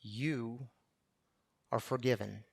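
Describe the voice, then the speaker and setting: A man preaching a sermon to a recovery gathering, impassioned and repetitive, swinging from loud to hushed. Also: mid-range voice, fairly even intonation, slow, gravelly, slightly rough. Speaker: pastor.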